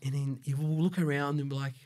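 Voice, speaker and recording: A man with an Australian accent, raised there after a Brazilian childhood, tells his story as a podcast guest in a casual interview. He rambles, swears freely and leans on fillers, speaking fast and flatly in an ordinary mid-pitched, darkish voice.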